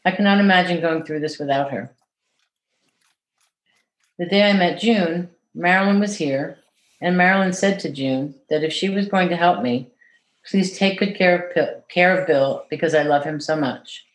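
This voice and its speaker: A woman caregiver reading a letter aloud in an earnest, measured way, then answering interview questions. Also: on the low side. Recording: echoey room.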